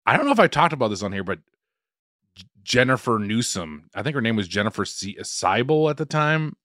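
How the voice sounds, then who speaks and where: A man hosting a podcast, telling an animated story in casual chat and swearing freely. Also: medium pitch, fairly quick, dry recording, clean studio sound. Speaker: podcast host.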